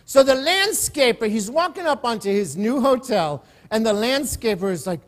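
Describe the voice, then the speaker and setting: High-voiced male pastor preaching. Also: big pitch swings, normal speed, fairly bright tone. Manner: storytelling, repeats words when starting sentences. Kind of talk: sermon. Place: church service.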